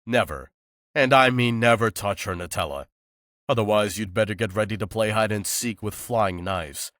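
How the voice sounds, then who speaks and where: A man voicing an excitable young male werewolf who fusses dramatically over his best friend, in an audiobook. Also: fairly low pitch, moderate pace, no echo, clean studio sound, natural voice. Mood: dramatic. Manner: dramatic, fussing, playful. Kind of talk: audiobook character voice.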